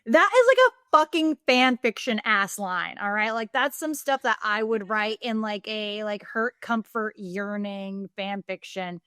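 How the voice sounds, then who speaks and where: An animated woman co-host recaps a book in casual, joking talk, swearing freely. Her voice sits at a middle pitch and sounds close and dry, with no room echo. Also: measured pace, hardly any pauses, clear, resonant tone. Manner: animated, profane, joking storyteller. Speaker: podcast co-host.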